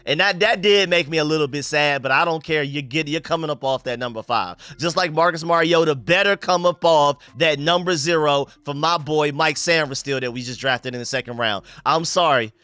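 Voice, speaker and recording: A young man from North Carolina with a Southern drawl runs a casual live stream from his room. His voice is bright and crisp, a little higher than most men's, and dry with no room echo. He is animated and slangy and talks right to his viewers. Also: brisk, hardly any pauses. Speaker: sports live-stream host.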